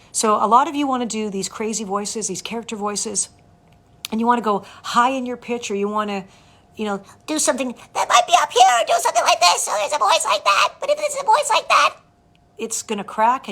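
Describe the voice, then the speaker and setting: A woman from Canada, a voice actor and coach, chatting casually with fans on a livestream and thanking viewers by name. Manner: animated, jumps up in pitch for emphasis.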